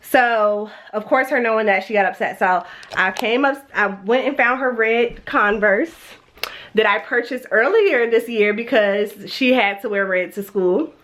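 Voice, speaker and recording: A woman's voice: a little high, a little slow, a bit bright, a little hiss or hum. A young adult woman with a stuffy, congested voice, chatting casually at home in a vlog and rambling with lots of fillers. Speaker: vlogger and mother. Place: at home, indoors.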